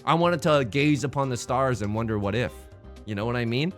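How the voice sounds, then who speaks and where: Young man, playful game commentary, animated pitch, soft background music. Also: a little fast. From United States. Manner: rambling, joking, talks to himself and viewers. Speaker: let's play host. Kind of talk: casual gameplay commentary.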